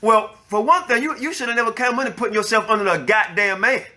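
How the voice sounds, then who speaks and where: A male elder of a religious group hosts a heated reaction to a clip, speaking fast in a high, bright, fired-up voice. He's angry and profane, preaching as he repeats the clip's words in order to rebut them.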